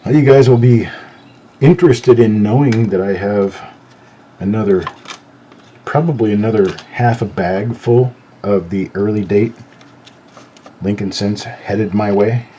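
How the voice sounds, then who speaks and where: A middle-aged man hosts a live show, chatting casually and unhurriedly with viewers while he examines things. His low voice sounds warm and relaxed, with no southern accent, and he is not from North Carolina. The audio is slightly muffled with a faint hiss.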